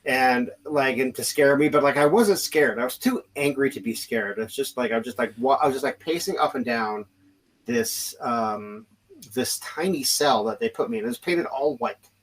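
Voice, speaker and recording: A podcast host tells a story casually, with lots of restarts and fillers, doing voices for the people he quotes. His voice is mid-range at a normal speed, and the recording is rough.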